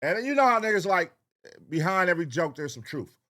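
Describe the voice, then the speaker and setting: Animated profane man reacting. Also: high voice, fairly quick. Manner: profane, animated, slangy riffing. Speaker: reaction channel host. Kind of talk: casual reaction commentary.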